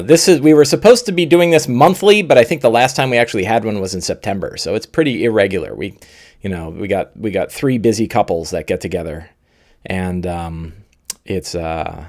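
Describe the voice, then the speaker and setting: A man who is slightly losing his voice, casually talking through his game preparation as a streaming host, with lots of fillers and pauses. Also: lowish voice, expressive, a little mellow. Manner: rambling, with many fillers and pauses. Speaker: game master and channel host. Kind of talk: live-streamed game prep talk.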